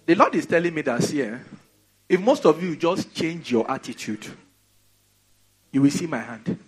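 A Nigerian man preaching a sermon in an animated, conversational way, full of rhetorical questions. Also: on the high side, moderate pace, husky, faint music behind.

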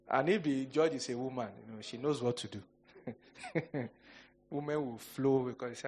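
A man's voice: medium pitch, normal speed, a little hiss or hum. A male pastor preaching a sermon, telling humorous stories and acting out quoted voices. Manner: animated storytelling, jokes and mock quotes.

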